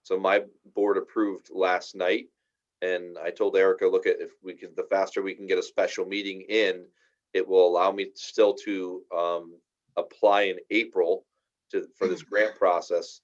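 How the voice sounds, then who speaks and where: A man's voice: low voice, flat delivery, normal speed. A man explaining a school project's timeline to a town finance board, talking at length with many fillers. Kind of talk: public meeting discussion. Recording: dull lo-fi meeting audio.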